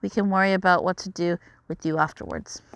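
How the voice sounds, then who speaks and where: A woman's voice: fairly low pitch, a little fast, creaky, a bit bright. A woman reading the lines of a proud, regal male dragon prince who speaks with haughty formality.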